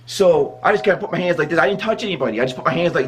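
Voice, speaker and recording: A man from the Midwest with a notably high voice tells a story to his vlog audience. He talks casually and animatedly, breaking into laughter often. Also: fast talker, few pauses, a bit bright. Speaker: vlogger.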